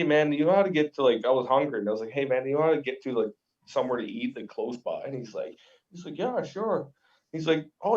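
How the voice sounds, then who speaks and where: A man's voice: medium pitch, a little mellow. A Canadian man co-hosting a podcast, swearing freely and telling stories in casual chat. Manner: profane, storytelling. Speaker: podcast co-host. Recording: distant, muffled mic.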